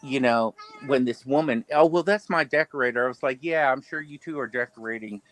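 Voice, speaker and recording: A man telling stories on a casual livestream, animated, profane and stammering as he talks. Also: medium pitch, brisk, dry recording. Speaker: streamer.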